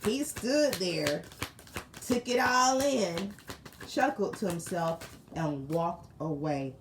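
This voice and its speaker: Animated woman telling a story to viewers. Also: lowish voice, takes it slowly. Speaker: tarot reader. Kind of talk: storytelling spiritual reading. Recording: roomy room with faint noise.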